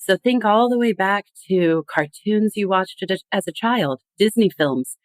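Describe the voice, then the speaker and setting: A woman guest on a podcast, explaining with animated emphasis in a conversational tone. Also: mid-range voice, measured pace, dry recording. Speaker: guest expert.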